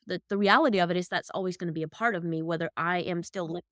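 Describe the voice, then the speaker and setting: A woman's voice: on the low side, racing, no echo, clean studio sound. A woman in her thirties who grew up speaking Pennsylvania Dutch, chatting easily as an interview guest with a light Amish accent and frequent laughs. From Michigan, USA. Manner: easygoing, laughs often. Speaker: podcast guest. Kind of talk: conversational interview.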